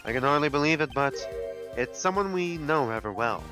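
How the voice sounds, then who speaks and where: A man voicing a cool, analytical male prosecutor, speaking in a measured, deliberate, lowered voice. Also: animated, music in the background, lightly acted. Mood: composed. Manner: measured, deliberate, low and serious.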